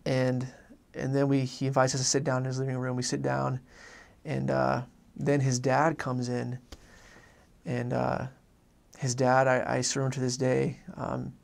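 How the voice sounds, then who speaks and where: A man, a former missionary, telling an earnest faith story in a halting way with many restarts. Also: medium pitch, creaky. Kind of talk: personal faith testimony story.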